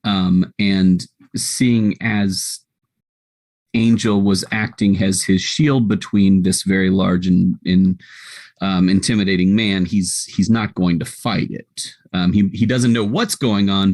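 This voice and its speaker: Hesitant low-voiced man player. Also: steady tone, slow pace, a little mellow. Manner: thoughtful, hesitant.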